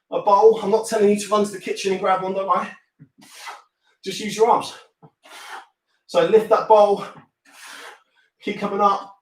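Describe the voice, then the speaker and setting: A man's voice: high voice, fairly bright tone. A man from the UK coaching a home workout, encouraging and joking as he counts down reps. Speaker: fitness instructor. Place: room at home. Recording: roomy sound, mic at a distance.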